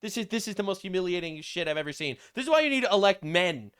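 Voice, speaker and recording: A man's voice: high-pitched, expressive, quick pace, background noise. A young man hosting a reaction video, cracking crude, sarcastic jokes about news clips. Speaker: commentary host. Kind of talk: reaction commentary.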